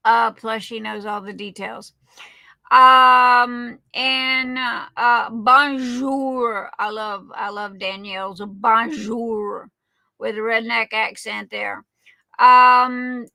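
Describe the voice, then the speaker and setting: Her voice is a little high and the recording is dry. She runs a livestream, calling each viewer darling as she greets them by name in friendly, chatty shout-outs.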